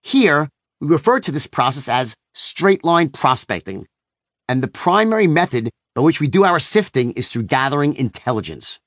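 Male audiobook narrator, brash and emphatic, lively pitch, dry close recording. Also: moderate pace, dry recording. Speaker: author-narrator.

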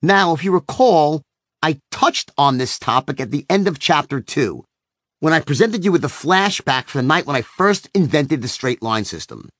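A man's voice: on the high side, expressive, moderate pace, a bit bright, dry recording, clean studio sound. A man narrating his own book as an audiobook in a brash, emphatic manner. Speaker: author-narrator.

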